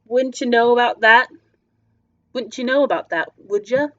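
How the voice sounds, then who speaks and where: A woman's voice: mid-range voice, expressive, measured pace, a bit bright, dry recording. A woman doing a sneering, menacing male stranger. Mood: needling. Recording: slightly dull lo-fi recording. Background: faint music.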